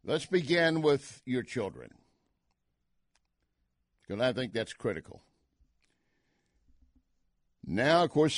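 A man's voice: medium pitch, dry recording. An older man hosting a talk radio show, delivering an opinionated monologue with emphatic, punchy asides into a studio mic.

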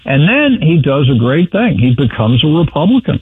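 A man's voice: a little high, big pitch swings, normal speed, slightly rough, no echo. A man giving blunt, wry political commentary on a talk radio show. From New York. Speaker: guest commentator. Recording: tinny phone line.

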